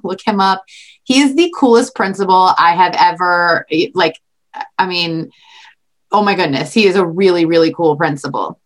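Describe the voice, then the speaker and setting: Gushing, enthusiastic woman podcast co-host. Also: medium pitch. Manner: gushing, enthusiastic storytelling with frequent "like". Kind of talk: casual podcast chat.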